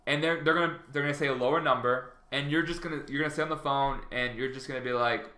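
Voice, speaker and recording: Rambling young-sounding man, bright echoey voice. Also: medium pitch, fairly even intonation, quick pace, hardly any pauses. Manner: rambling, many fillers and restarts, acts out phone dialogue. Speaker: vlogger giving sales tips. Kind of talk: casual advice vlog.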